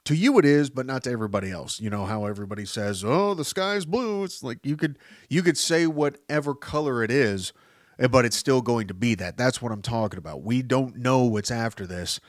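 A male podcast host delivers a casual, rambling monologue, hopping between tangents, swearing freely and pushing his voice up for emphasis. His mid-range voice moves briskly, and the studio sound is clean with no room echo.

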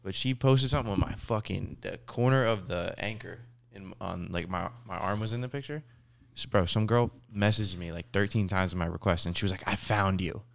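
A young man in his twenties chatting casually on a podcast, telling animated stories and acting out what people said, swearing freely. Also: low-pitched, fairly quick, gravelly. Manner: animated storyteller, acts out quotes, swears freely. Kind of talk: casual chat.

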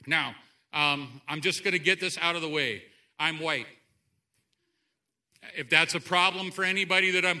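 High-voiced, animated male preacher. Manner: animated, jumps between loud outbursts and quiet asides. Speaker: pastor. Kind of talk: sermon. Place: church sanctuary.

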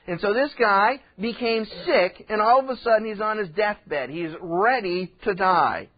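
A man's voice: high voice, a little slow, dull audio. A man preaching a sermon as pastor, in a conversational way that acts out the people in the story. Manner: conversational, acts out quoted voices.

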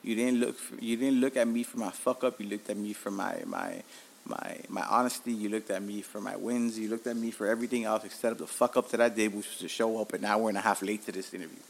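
A man's voice: on the low side, quick pace, gravelly, slight background noise. Profane storytelling podcast host, a man. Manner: profane, animated, tells stories with acted-out quotes. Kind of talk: casual storytelling monologue.

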